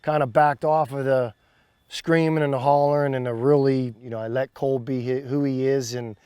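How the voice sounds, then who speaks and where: A middle-aged man, a father and youth wrestling coach, telling a story in an animated, loud and passionate way in a reality-series interview. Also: mid-range voice, normal speed, clean tone, no room sound.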